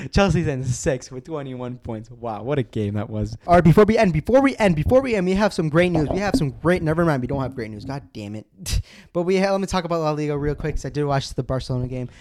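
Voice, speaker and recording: A man hosting a casual football podcast, ranting excitedly, cursing often and restarting his sentences. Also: mid-range voice, brisk, slight background noise.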